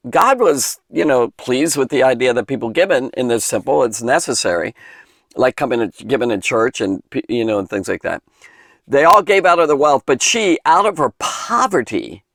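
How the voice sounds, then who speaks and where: A man's voice: medium pitch, no echo, clean studio sound. A man giving an informal, chatty Bible lesson for children, digressing often and emphasizing points with enthusiasm. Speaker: Bible teacher.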